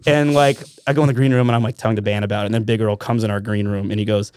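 Brief: a quick, rambling male podcast guest from Alaska, dry mic. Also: on the low side, clean tone, no room sound. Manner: animated, rambling, self-interrupting. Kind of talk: casual storytelling.

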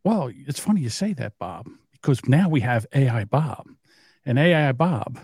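A man with a South Jersey accent, co-hosting a casual podcast chat, halting and stumbling over words. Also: medium pitch, big pitch swings, darkish tone, breathy edge, no room sound, clean studio sound. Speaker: podcast co-host.

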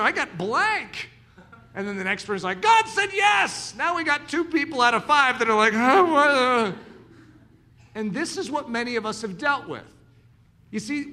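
A man preaching a sermon in an animated way, acting out the voices of his listeners. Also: high voice. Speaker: pastor.

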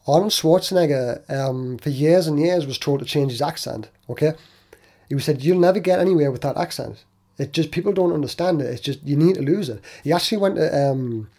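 A man with a slightly high, husky voice hosts a solo motivational podcast. His tone is warm and mellow, and he talks earnestly into the mic, often repeating himself or restarting a sentence before pushing on. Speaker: podcast host.

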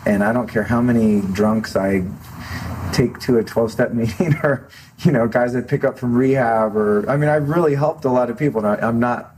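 A man's voice: mid-range voice, steady tone, normal speed, a little mellow, slight background noise, rough recording. A middle-aged man talking candidly and earnestly as a guest in a filmed interview, reflective and open, often restarting his sentences. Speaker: podcast host as interview guest. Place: studio set for a filmed talk show.

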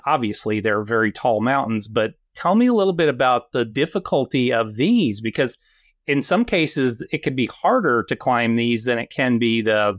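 Man, podcast host, supportive interviewer, lively intonation, dry close mic. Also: medium pitch, dry recording. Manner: supportive, brief affirmations and laughs. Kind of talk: casual interview.

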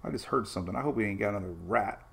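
Racing along in a lowish, slightly bright voice, an older host runs a casual weather stream. His gravelly, creaky talk rambles loosely, with homey digressions between forecasts.

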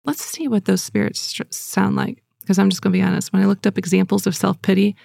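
A woman giving earnest, gentle devotional teaching and leading listeners in prayer, speaking casually with fillers. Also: medium pitch, level tone, quick pace, creaky, no room sound.

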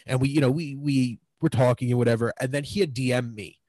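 Talking fast in a mid-range, darkish voice, this twenty-something podcast guest rambles through his casual stories, stuffing them with "like," "you know" and other fillers. The recording is low quality but has no echo.

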